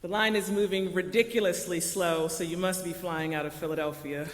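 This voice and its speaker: A man's voice: sits high, steady tone, brisk. A man preaching a sermon as pastor, telling a story with acted quotes before turning to scripture. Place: church sanctuary. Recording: echoey church hall.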